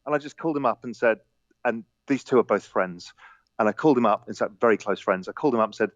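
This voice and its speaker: Guy on a podcast telling animated trading stories, slightly muffled dry audio. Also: medium pitch, fast, no room sound. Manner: animated anecdotes with laughter and quoted dialogue. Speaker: podcast guest. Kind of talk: casual storytelling.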